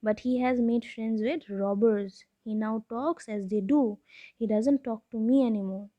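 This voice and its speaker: A woman reading the lines of a polite, gentle male bird in a children's story. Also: on the high side, fairly even intonation, unhurried, dry recording, highs cut off, lightly acted. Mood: regretful.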